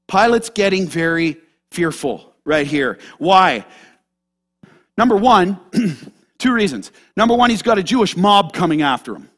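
A man pastor preaching a sermon to a congregation, animated and direct, moving between loud emphasis and hushed asides. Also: high voice, measured pace. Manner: animated, talks straight to the congregation.

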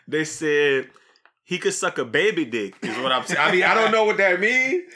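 A young man hosting a podcast, chatting in a jokey, animated way with friends, then reading a commentary segment. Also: fairly high pitch, a little slow. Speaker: podcast host. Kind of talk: casual podcast chat and scripted monologue.

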